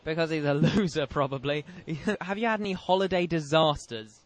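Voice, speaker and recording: A man's voice: on the high side, moderate pace. A young British man hosting a comedy radio quiz, teasing and mock-insulting his callers with frequent laughs. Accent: British English. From Britain. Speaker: radio show host.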